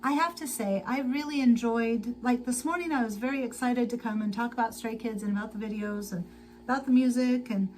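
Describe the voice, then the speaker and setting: A tired woman hosting a casual sewing livestream, chatting slowly to viewers and to herself as she works. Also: on the high side, a little mellow, low-quality recording. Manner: slow, chatty, talks to herself while working. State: tired and sleepy.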